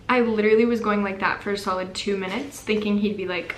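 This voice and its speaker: A woman's voice: medium pitch, quick pace, a little hiss or hum. Chatty young woman, echoey room. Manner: chatty, animated, self-deprecating. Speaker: vlogger. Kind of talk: casual storytime chat. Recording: echoey room with faint ambience.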